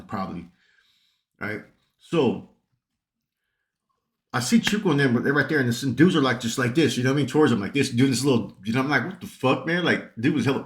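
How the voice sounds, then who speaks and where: A channel host from the San Jose area of California casually tells a club story in a reverberant, mid-range voice. He rambles and swears, constantly checking in with "right?"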